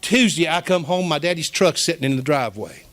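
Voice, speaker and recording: A man's voice: on the high side, lively intonation, fairly quick, fairly bright tone. A middle-aged man, preaching a folksy, emotional storytelling sermon as pastor.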